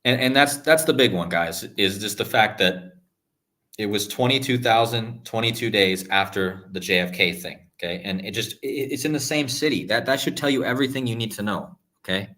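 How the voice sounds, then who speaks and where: Low-ish and bright with a pushed quality, the man's voice carries a screen-shared live-stream monologue about numerology. He presses his viewers insistently, repeating "okay?" and "guys" frequently and restarting his lines in halting bursts.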